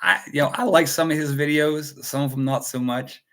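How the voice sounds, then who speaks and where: A man's voice: a little high, fairly even intonation, fairly quick, a bit bright. An American man hosting a casual livestream chat, rambling and joking as he greets viewers by name. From United States. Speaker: host.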